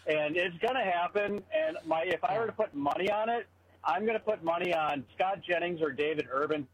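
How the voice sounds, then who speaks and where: A man's voice: sits high, animated, fairly quick, breathy edge, low-quality recording. A man calling in to a talk radio show, ranting in an opinionated, rambling way. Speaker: caller. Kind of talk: phoned-in political rant.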